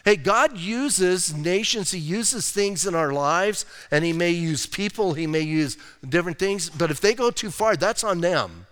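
A male pastor with a fairly high, smooth and resonant voice delivers a sermon in an easygoing, chatty manner, dropping in slangy asides. The sound carries a long reverb, as in a church hall. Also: lively intonation, measured pace, few pauses, fairly bright tone. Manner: casual, conversational preaching with slang asides. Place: church sanctuary.

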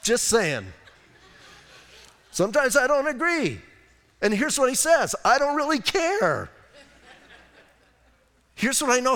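Joking male pastor in an echoing church. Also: very high-pitched. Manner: humorous and conversational, swinging between soft and emphatic. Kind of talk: sermon.

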